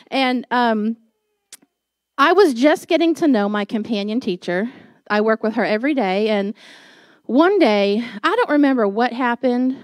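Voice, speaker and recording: A woman pastor giving a sermon, telling a personal story in a chatty, animated way and laughing at herself. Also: on the high side, no room sound.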